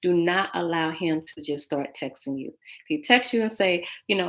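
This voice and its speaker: Woman, podcast host, dating coach, casual advice, animated, slightly low pitch. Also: normal speed. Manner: animated, acts out texts in quoted voices.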